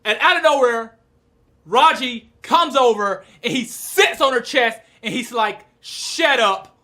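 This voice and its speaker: Young woman reviewer, bright and forceful, slangy and animated, prone to shouting when excited. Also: a little high, measured pace. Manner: slangy, retells scenes with quoted lines. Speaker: manga reviewer. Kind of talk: casual video review.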